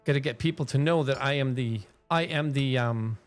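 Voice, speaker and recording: A man's voice: mid-range voice, moderate pace, soft background music. A man giving casual live-stream commentary while playing a game, rambling, swearing freely and laughing often.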